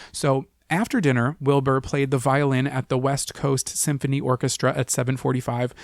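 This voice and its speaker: A man's voice: mid-range voice, dry recording, studio quality. A man co-hosting a casual true-crime podcast, retelling cases in a joking, profane way. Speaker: podcast co-host.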